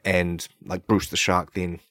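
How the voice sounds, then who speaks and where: A man's voice: low-pitched, level tone, unhurried, a bit bright, no echo, clean studio sound. A man hosting a podcast, riffing through a long comedic monologue full of "like" and "right?", praising absurd ideas in a mock-earnest, tongue-in-cheek way. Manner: loose, filler-heavy riffing with many "like" and "right?". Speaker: podcast host. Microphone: podcast microphone.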